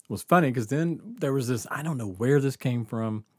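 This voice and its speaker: A man's voice: mid-range voice, a little fast, dry recording, clean studio sound. A man casually telling a profane story, laughing and acting out the voices of the people in it. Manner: animated, laughing, acts out others' lines.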